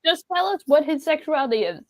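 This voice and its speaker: Woman, casual podcast chat, joking, quick to laugh, high-ish voice. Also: big pitch swings. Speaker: podcast co-host.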